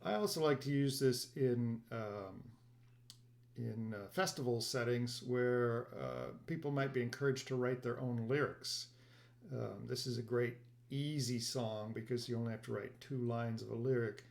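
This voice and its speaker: A man hosting a ukulele play-along, explaining each song in a soft, casual way with quick bursts and fillers. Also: medium pitch, creaky. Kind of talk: casual instruction between songs.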